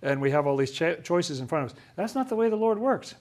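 A man's voice: fairly high pitch, lively intonation, fast, darkish tone. A man giving a conversational talk on scripture, often acting out the voices of the people he quotes. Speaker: religious teacher.

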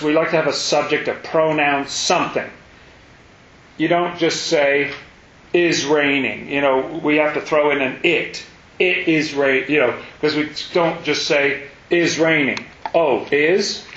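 A man's voice: a little high, pushed and bright, slight background noise. A man leading an informal Bible study for a group, chatty and digressive, with self-deprecating asides. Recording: roomy, muffled room recording.

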